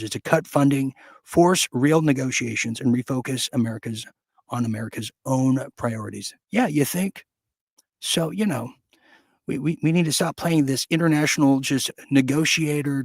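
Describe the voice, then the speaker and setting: A man's voice: medium pitch, vocal fry, breathy edge, no room sound. A man hosting an opinionated news commentary show, reading headlines and breaking off into sarcastic, ranting asides.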